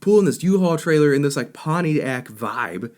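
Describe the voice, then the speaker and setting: A young man in his twenties, co-hosting a podcast and telling a gig story in a casual, animated way, acting out the lines of the people in it. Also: a little high. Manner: animated, quick to act out quotes. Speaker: podcast co-host.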